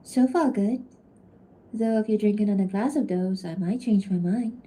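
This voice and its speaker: A woman's voice: mid-range voice, moderate pace, mellow, slight background noise, natural voice. A woman voicing a young female character for an animatic, doing a Cajun accent with a drawling, teasing delivery. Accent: attempted Cajun. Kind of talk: animatic voice line takes.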